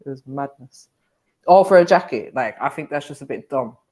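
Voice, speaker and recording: A man's voice: medium pitch, animated, moderate pace, darkish tone. A man chatting on a live panel, blunt, swearing and laughing often. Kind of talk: casual panel chat.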